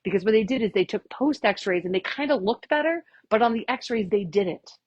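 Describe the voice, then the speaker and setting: Woman, chiropractor, workshop lecture, sassy and blunt, husky voice, dry sound. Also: mid-range voice, lively intonation, moderate pace, dry recording, highs cut off. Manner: casual, chatty with audience.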